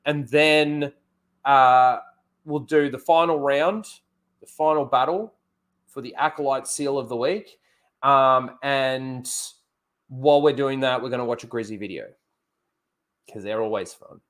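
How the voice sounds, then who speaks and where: A man's voice: medium pitch, measured pace, pauses often, a bit bright. A man hosting a casual livestream, rambling, correcting himself and talking straight to his viewers. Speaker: livestream host.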